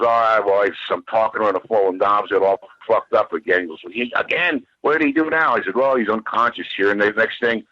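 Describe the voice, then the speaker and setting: A man's voice: on the low side, no room sound, highs cut off. A man who is a guest on a podcast, telling a rambling, heated, profane story and repeating himself as he goes.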